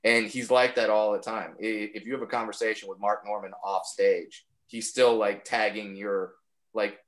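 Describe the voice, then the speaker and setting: A man, a comedian guest on a podcast, telling stories in casual chat and slipping into quick impressions of friends. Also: on the low side, low-quality recording. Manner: storytelling, animated impressions.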